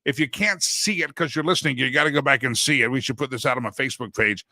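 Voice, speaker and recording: A middle-aged man hosting a casual political talk show, joking his way through memes and swinging between loud bits and hushed asides. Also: mid-range voice, fast, no room sound. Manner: jokey, sings a silly jingle between segments.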